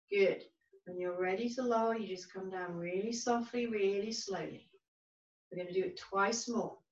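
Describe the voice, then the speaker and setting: A woman teaching a yoga class, giving calm, gentle, unhurried cues. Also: medium pitch. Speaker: yoga instructor. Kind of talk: guided yoga class instruction. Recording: roomy, distant, dull-sounding recording.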